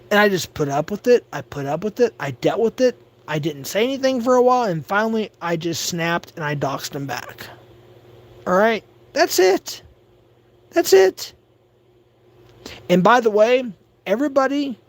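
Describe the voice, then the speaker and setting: An agitated man ranting on his livestream, stammering and repeating himself. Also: sits high. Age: adult. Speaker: livestream host. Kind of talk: livestream rant.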